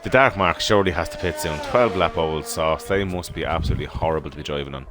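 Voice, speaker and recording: An Irish man giving live sim racing commentary in steady, informal play-by-play. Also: very deep voice, fast. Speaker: race commentator. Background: background music.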